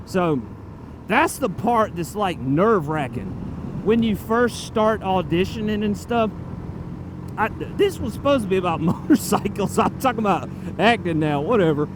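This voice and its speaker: Guy with a high voice chatting off topic on his bike, helmet cam mic, lots of road noise. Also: lively intonation, a little slow. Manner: chatty, digressive, loose and profane. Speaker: motorcycle vlogger. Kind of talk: casual rambling vlog talk. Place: riding on a town road outdoors. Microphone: helmet-mounted camera mic. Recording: road and traffic noise outdoors.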